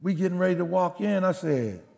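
A male pastor telling a story in a sermon, acting out the voices in the dialogue with big swings in pitch. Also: animated, fairly quick, vocal fry, dark tone, long reverb tail.

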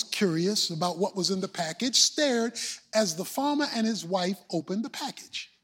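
Preacher guy with a really high voice, telling a story and getting loud. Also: slightly rough. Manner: storytelling preacher, rising to shouts. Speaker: pastor. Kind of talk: sermon.

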